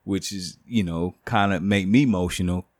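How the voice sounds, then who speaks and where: A man in his late thirties hosts a casual podcast, easygoing and quick to joke. His voice sits a little low and sounds close and dry, with no room around it. He talks plainly about faith and family. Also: no echo. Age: 30s. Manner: laid-back, joking, faith-minded. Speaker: podcast host. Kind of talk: casual chat.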